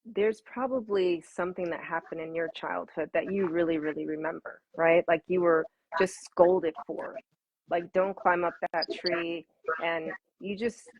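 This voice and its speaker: A woman answering interview questions as an intimacy coach, animated and laughing, often repeating words for emphasis. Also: lowish voice, normal speed, lo-fi sound.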